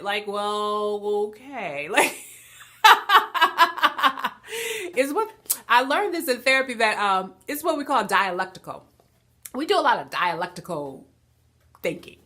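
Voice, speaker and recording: A woman vlogger giving an animated spiritual talk, preaching and laughing often. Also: mid-range voice.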